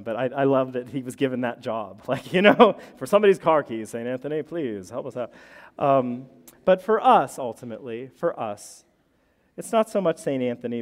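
Conversational preacher in a reverberant church. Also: male voice, medium pitch, lively intonation, normal speed. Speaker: pastor. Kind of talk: sermon. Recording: church hall with long reverb.

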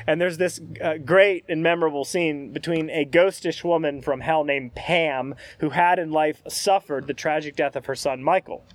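A man's voice: a little high, no echo. Conversational male pastor, dry sound. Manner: conversational, hesitant with fillers. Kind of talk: sermon.

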